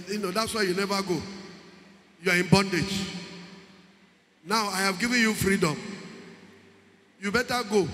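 Nigerian male pastor, very high bright voice, sermon in an echoey church hall. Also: a little hiss or hum. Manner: preaching with pidgin asides, shouting at times.

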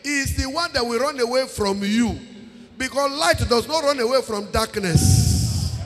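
A man's voice: very high voice, measured pace, faint music behind. A man with a Nigerian accent preaching a sermon, emphatic, repeating phrases and singing out words, slipping into Pidgin. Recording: long reverb of a large hall.

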